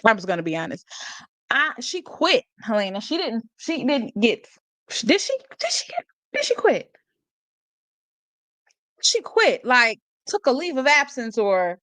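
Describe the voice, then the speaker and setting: A woman's voice: fairly high pitch, sing-song, moderate pace, a bit bright, no echo. A woman hosting a live stream, talking about a court case in a casual, sarcastic way, laughing often and reading out chat comments. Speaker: livestream host.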